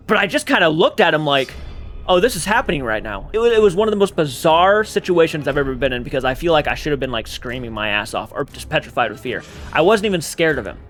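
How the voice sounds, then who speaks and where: A man's voice: on the high side, big pitch swings, fast talker, a bit bright, faint music behind. A man hosting his own channel, telling a paranormal experience in a casual, rambling, earnest way and swearing freely. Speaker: channel host.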